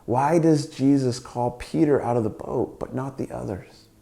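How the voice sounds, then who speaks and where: A male pastor preaching a sermon, retelling a story with animated acted-out lines and casual asides. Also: mid-range voice, moderate pace, creaky. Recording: roomy church sound.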